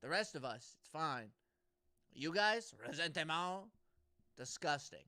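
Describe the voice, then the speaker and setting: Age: young adult. Trait: bright stammering guy. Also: a little high, big pitch swings, a little slow, no room sound, studio quality. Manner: stammering restarts, rambling. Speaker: podcast co-host. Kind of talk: casual comedy podcast chat.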